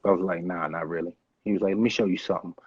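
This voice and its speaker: A man in an interview, telling a story in a relaxed way and swearing freely. His voice is husky and mid-pitched. The recording sounds dull and dry. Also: racing, no room sound. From United States. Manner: laid-back, profane storytelling. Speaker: rapper, interview guest. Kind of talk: casual storytelling.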